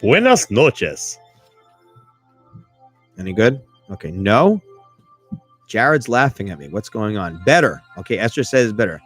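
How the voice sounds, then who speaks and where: A man hosting a live podcast in a casual chat style, animated and self-mocking, and he keeps asking listeners for feedback. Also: on the low side, moderate pace, soft background music. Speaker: podcast host.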